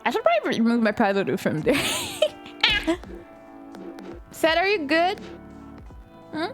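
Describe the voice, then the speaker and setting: Young woman streamer, high voice, giggly and excitable, light music underneath. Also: moderate pace. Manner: excitable, laughs often, shrieks at game moments. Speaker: live streamer. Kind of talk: casual chat while playing a game with viewers.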